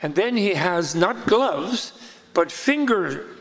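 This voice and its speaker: A man telling a teaching story in casual conversation, lively and amused, laughing between lines. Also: high voice, slow. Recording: long hall reverb.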